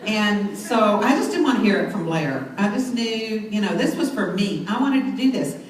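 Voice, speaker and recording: A middle-aged woman tells an enthusiastic story to a crowd at a sales event, her mid-range voice lively in intonation and at normal speed. It's a motivational talk on stage, caught from far off by a set-back mic in a very echoey hall with faint noise.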